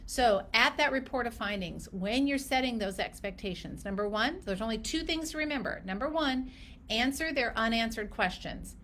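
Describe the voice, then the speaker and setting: A woman coaches clinicians on their practice, speaking straight to the listener. Her voice sits fairly high, and her delivery is emphatic and animated. She often drops into quick acted snippets of patient talk. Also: a little hiss or hum. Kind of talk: direct-to-camera business coaching.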